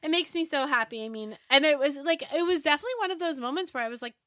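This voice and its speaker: A woman guest on a podcast, telling a personal story in a casual, animated way and laughing often. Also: high-pitched, rapid-fire, no echo, clean studio sound.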